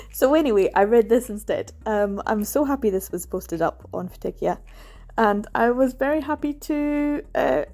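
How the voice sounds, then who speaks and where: A woman's voice: a little high, warm tone. A Scottish woman chatting casually and enthusiastically about books she read, laughing often. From Scotland. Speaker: book vlogger. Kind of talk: casual book wrap-up chat.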